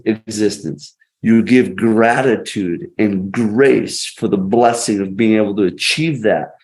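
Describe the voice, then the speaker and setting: A man with a lowish, slightly mellow voice is a podcast guest telling stories conversationally. His delivery is emphatic and motivational, built on punchy phrasing.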